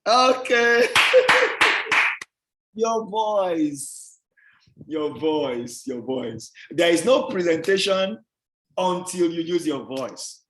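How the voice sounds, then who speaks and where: A man lectures on presentation skills, punching his emphasis and repeating himself to drive points home. His voice sits a little high for a man. The recording carries a roomy echo. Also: expressive, slow pace, background noise. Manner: emphatic, repeats key words, quizzes the class. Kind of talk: revision class lecture. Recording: roomy echoey sound.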